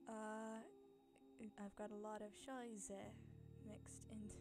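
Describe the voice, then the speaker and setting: A young woman hosting a casual livestream, chatting in a put-on posh British English accent; chatty, quick to laugh and often restarting her sentences. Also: mid-range voice, little pitch movement, music in the background. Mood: amused. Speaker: channel host answering chat questions.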